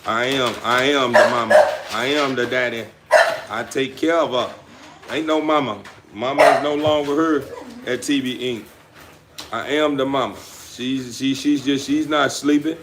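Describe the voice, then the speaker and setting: A man's voice: medium pitch, fairly even intonation, moderate pace, heavy background noise. A man livestreaming casually about his dogs, with a rambling, laid-back manner. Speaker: dog breeder livestreaming. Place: home kennel with dogs.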